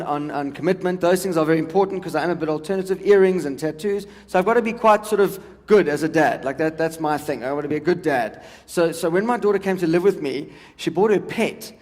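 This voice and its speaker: A man's voice: high voice, brisk, hardly any pauses, in a large hall. A man in his forties from South Africa doing stand-up comedy, chatting with the audience about parenting and pets. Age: 40s. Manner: chatty crowd work with the audience. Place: large event hall with a live audience.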